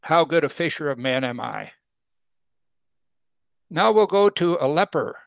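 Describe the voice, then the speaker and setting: A man's voice: a little high, unhurried, gravelly, no echo, muffled recording. A man preaching a conversational sermon, asking rhetorical questions and acting out quoted voices. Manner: acts out quoted speakers with sudden loud excited bursts. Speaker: Bible teacher.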